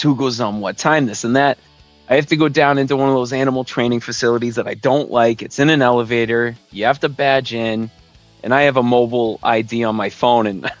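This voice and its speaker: A man's voice: medium pitch, no room sound, highs cut off. Rambling, laid-back male podcast host. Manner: rambling, chuckles often, fillers like "man" and "dude". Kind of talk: casual live-stream storytelling.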